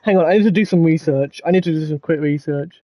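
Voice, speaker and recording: A man's voice: fairly high pitch, fast, dark tone, dry recording. A young man giving casual, jokey let's-play commentary and swearing freely. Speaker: gaming YouTuber.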